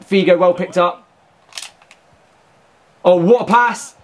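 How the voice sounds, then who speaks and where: A man giving gameplay commentary as a gaming YouTuber, excitable and shouting at the game. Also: sits high, takes it slowly.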